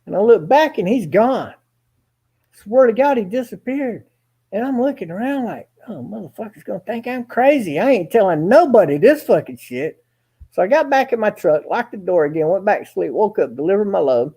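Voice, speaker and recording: A man with a husky, dark voice spins a rambling story in a casual, folksy way. His pitch swings widely as he acts out every exchange of dialogue, and he drops in the occasional curse word. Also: lively intonation, normal speed. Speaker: guest storyteller.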